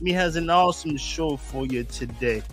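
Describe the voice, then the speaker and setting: A man's voice: a little high, moderate pace, fairly bright tone, faint music behind, voice pushed up, lightly acted. A man voicing a jolly young Rasta guy in a put-on Jamaican accent, hyping up the show in a sing-song way. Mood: hyped.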